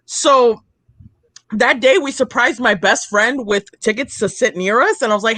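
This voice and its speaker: High-voiced young woman telling a lively story. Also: moderate pace, no echo. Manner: animated storytelling, many "like"s, acts out quotes. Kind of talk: casual chat.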